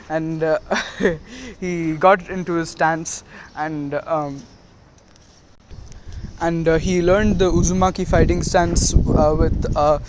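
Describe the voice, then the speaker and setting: A man's voice: a little high, steady tone, slow pace, long pauses, slight background noise. A young man casually retelling a fan story, rambling with lots of fillers and little laughs.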